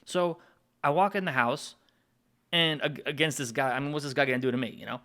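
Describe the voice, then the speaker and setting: A man's voice: medium pitch, fairly quick, bright, forceful tone. A man telling a long personal story in a casual monologue, rambling and digressive, with asides to his listeners. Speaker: music producer and channel host.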